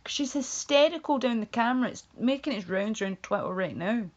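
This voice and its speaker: A woman's voice: fairly high pitch, lively intonation, fairly quick, dull audio. A woman hosting a livestream, chatting in a rambling, blunt way with swearing and frequent laughs. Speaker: livestream host. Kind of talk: casual ranting chat.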